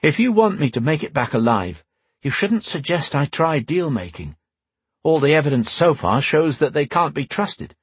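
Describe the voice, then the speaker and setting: A man's voice: a little high, big pitch swings, moderate pace, breathy edge, no room sound, full character voice. A man voicing a defiant young wizard. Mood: insistent. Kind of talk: audiobook character voice.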